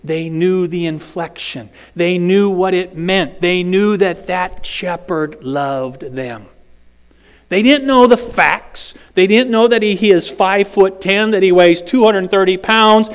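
A man preaching a sermon, emphatic and storytelling, at times dropping to a whisper. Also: sits high. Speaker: preacher and teacher. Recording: long hall reverb.

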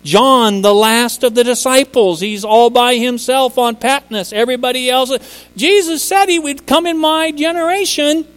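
A man's voice: extremely high pitch, steady tone, normal speed, fairly bright tone, smooth, big-room sound, rough recording. A man preaching a sermon, speaking emphatically and rising to impassioned peaks on key words. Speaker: preacher and teacher.

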